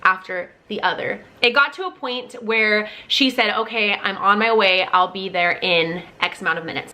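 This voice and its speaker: A young woman casually telling a personal story to camera, candid and expressive, with plenty of "like" and the odd swear word. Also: mid-range voice, moderate pace, hardly any pauses. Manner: candid and expressive, with frequent "like" and profanity.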